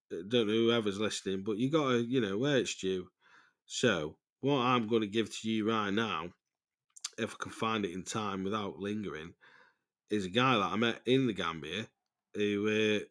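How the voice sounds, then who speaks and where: Rambling man, lowish voice. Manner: loose and chatty, swears freely, stalls and laughs at himself. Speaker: podcast host. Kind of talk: casual rambling voice note.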